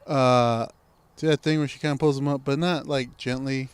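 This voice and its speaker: A man's voice: medium pitch, steady tone, moderate pace, smooth, no echo. A man co-hosting a casual podcast chat, laid-back and rambling, with lots of "like" and "kinda". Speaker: podcast co-host.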